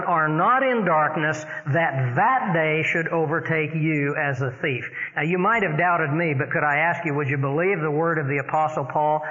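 A man delivers a sermon in a fairly high, forceful voice. He pushes his pitch and volume up for emphasis and drags out important words. The sound is dull and lo-fi, like an old radio broadcast, with long reverb from a large hall. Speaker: preacher.

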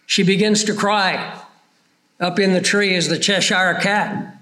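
A man preaching a sermon, slowing down to stress his points. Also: high-pitched, steady tone, pushed and bright.

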